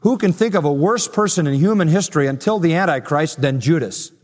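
A man's voice: on the high side, lively intonation, fairly quick. A man preaching an expository sermon, emphatic, asking rhetorical questions and repeating phrases for force. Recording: long hall reverb.

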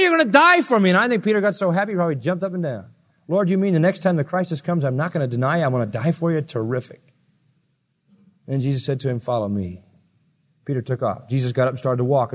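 A male preacher giving a sermon, telling Bible stories in an animated way and acting out the voices of the people in them. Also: fairly high pitch. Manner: animated storytelling, acts out voices. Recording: long reverb of a large hall.

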